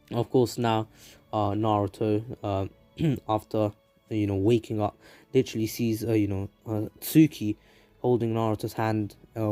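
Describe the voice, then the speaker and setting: A man telling a fan story in a loose, rambling way, filling every gap with fillers. His voice is low and mellow, recorded dry and close, with soft music in the back. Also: dry recording. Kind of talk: casual fan story narration.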